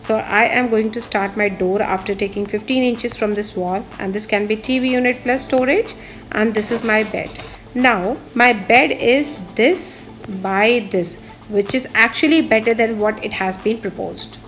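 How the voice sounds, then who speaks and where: Woman, architect, higher voice, step-by-step plan walkthrough, faint music behind. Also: moderate pace, fairly bright tone. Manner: explains step by step, pointing out spots on a drawing. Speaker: architect and interior designer. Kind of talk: instructional walkthrough of a floor plan.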